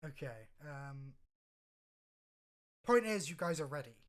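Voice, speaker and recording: A woman's voice: low-pitched, very animated, slow pace. A woman game master narrating a tabletop game, rambling and hesitant with many fillers and restarts.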